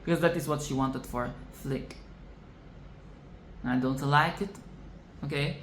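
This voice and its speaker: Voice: medium pitch, fairly even intonation, unhurried, fairly bright tone. Profane ranting film vlogger, echoey room. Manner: repeats phrases for emphasis. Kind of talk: casual film commentary rant. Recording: echoey room with faint background noise.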